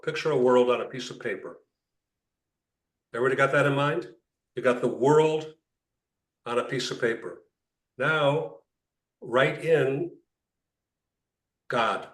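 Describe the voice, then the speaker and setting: A man, a rabbi, leading an interactive class, telling jokes and often repeating words as he thinks. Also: medium pitch. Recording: echoey room, mic far off.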